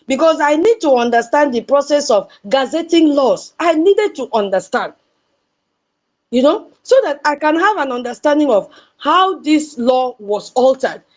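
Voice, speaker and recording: Nigerian woman, high voice, impassioned commentary, rhetorical questions, repeats herself. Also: expressive, measured pace. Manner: impassioned, repeats points, asks rhetorical questions to her audience. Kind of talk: political commentary monologue.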